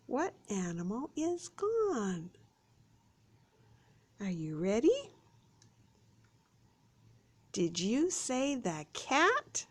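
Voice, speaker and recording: A woman reading a storybook to young children at a library storytime, sing-song and expressive, sometimes dropping to a whisper for suspense. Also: medium pitch, slow pace.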